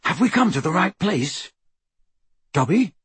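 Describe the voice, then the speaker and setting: A man reading an audiobook, voicing a desperate teenage boy wizard in a breathy voice. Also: medium pitch, sing-song, a little slow, no room sound, pitched above the performer's own voice, exaggerated voice. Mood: worried, searching. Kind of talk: audiobook character voice.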